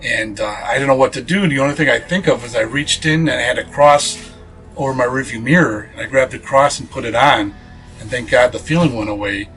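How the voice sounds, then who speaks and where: A man's voice: mid-range voice, fairly quick, a bit bright, soft background music, rough recording. A man being interviewed as a paranormal investigator, telling a ghost story earnestly, with many fillers and restarts.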